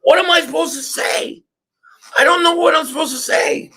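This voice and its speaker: High, bright-voiced man ranting live. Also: moderate pace. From Philadelphia area. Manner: excitable, often shouting and ranting. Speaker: live stream sports reaction host. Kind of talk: live game reaction rant.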